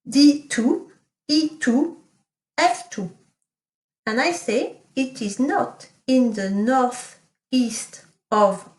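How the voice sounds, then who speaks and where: A woman teaching a recorded lesson, sounding out model sentences slowly and carefully. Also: a little high. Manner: slow, careful enunciation of French model sentences. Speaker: French teacher. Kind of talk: recorded remote language lesson. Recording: echoey room.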